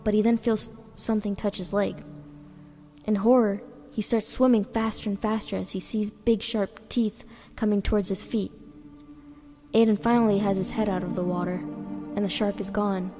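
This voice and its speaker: A woman reading her own short story aloud in a plain, steady way. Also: mid-range voice, moderate pace. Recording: reverberant with background music.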